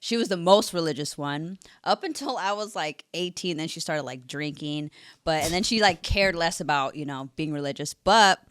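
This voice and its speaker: A young woman with a lowish voice tells stories in casual podcast chat, slipping into the voices of the people she quotes. The sound is dry and close, with no room around her. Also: normal speed, clean tone, no room sound. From Salvadoran and Nicaraguan family. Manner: chatty storyteller, acts out quotes. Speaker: podcast guest.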